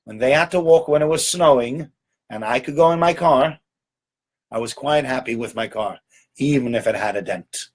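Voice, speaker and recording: A man's voice: medium pitch, moderate pace, breathy edge. A man giving an informal Torah lecture in a conversational way, often checking in with "right?" and doubling words for emphasis. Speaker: rabbi giving a Torah talk.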